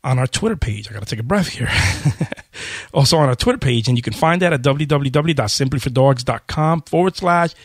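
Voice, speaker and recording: A male podcast host speaks in a mid-pitched voice, quick and conversational, with frequent "uh"s and "you know"s. The sound is dry and close, with no room echo. He keeps an easy, casual pace as he addresses his audience. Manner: talks fast, chatty, with many fillers.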